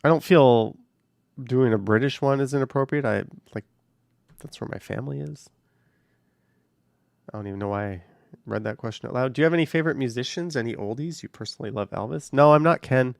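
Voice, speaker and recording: A man's voice: mid-range voice, a little fast, gravelly, long pauses, no echo, studio quality. A man hosting a casual livestream from a car while driving, reading viewer comments in an offhand, rambling way. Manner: offhand, rambling, hedges with "I don't know". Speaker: livestream host. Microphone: camera on a car mount.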